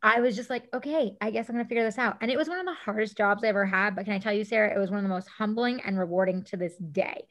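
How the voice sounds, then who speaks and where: A woman in her thirties, a guest on an interview show, telling stories in a lively casual way and acting out what people said. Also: medium pitch, very fast, hardly any pauses. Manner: animated, acts out quotes, says "like" often. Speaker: guest, celebrity stylist.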